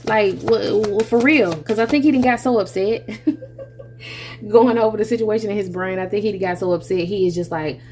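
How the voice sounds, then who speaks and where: A woman giving a casual tarot reading, animated and chatty, who laughs often, swears freely and calls the listener baby and honey. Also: medium pitch, a little fast, a little hiss or hum. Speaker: tarot reader.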